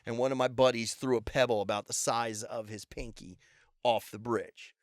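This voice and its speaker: A man's voice: medium pitch, moderate pace, dry recording, studio quality. A man, a comedian guest on a podcast, telling casual stories and acting out the people in them. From Baltimore. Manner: animated storyteller acting out quotes. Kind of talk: casual storytelling.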